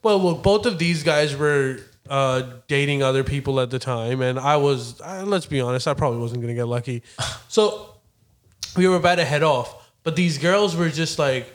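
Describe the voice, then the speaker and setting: A man's voice: mid-range voice, normal speed. A man telling a story in casual chat with friends, laughing often and mimicking the people he describes.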